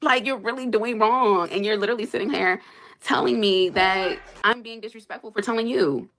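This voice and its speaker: A young livestreamer with a mid-range voice and fairly bright tone reads super chats and rants heatedly about her marriage at normal speed. She's exasperated and emphatic, restating her points again and again.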